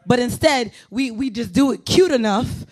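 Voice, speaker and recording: A woman's voice: fairly high pitch, lively intonation, moderate pace. A woman pastor giving a sermon in a conversational, self-deprecating way, moving into urgent exhortation. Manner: conversational, self-deprecating preaching with playful asides.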